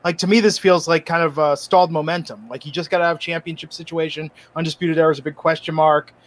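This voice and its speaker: A man hosting a casual wrestling chat show. He sits a little higher in pitch than most men and talks in an opinionated, animated way, sometimes with dry sarcasm. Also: fast. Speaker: podcast host.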